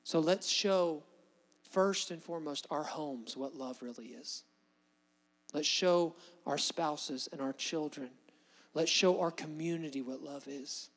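A man's voice: a little high, slow pace. Impassioned male pastor in a reverberant hall. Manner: impassioned, rises and drops in volume for emphasis. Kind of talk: sermon.

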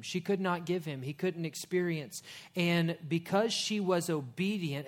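A middle-aged male pastor preaching a sermon in a folksy style, telling stories with joking asides. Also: fairly high pitch.

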